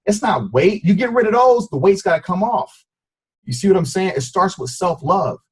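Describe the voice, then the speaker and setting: Husky man, earnest personal testimony. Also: sits high, animated, normal speed. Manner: earnest, intense storytelling. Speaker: guest speaker. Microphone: conference call.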